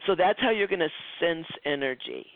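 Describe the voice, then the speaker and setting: A man's voice: on the high side, lively intonation, normal speed, dry recording. A man teaching a psychic development class in a chatty lecture style, acting out quoted dialogue and often restarting his sentences. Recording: tinny phone-like lo-fi, dry.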